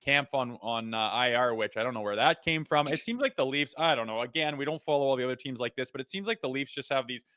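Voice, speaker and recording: A man's voice: mid-range voice, fast talker, few pauses, no echo, studio quality. A Canadian man in his thirties, a former player co-hosting a casual hockey podcast, telling stories and acting out what people said. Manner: animated storytelling, acts out quotes. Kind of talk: casual sports podcast chat.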